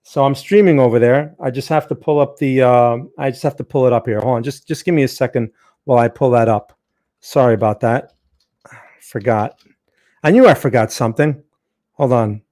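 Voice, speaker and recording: A man's voice: medium pitch, normal speed, mellow. A man hosting a live trading stream, chatting casually, greeting viewers by name, with frequent fillers and restarts.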